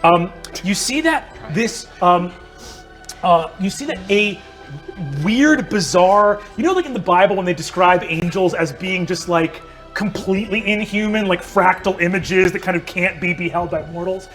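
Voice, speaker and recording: A man's voice: high-pitched, normal speed, fairly bright tone, soft background music. A man in his thirties narrating as game master in a casual way, with many ums and likes.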